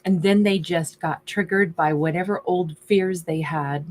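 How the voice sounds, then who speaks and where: A woman's voice: on the low side, a little slow. A woman giving a casual tarot reading, musing aloud in a chatty way and often voicing the subject's thoughts. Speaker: tarot reader.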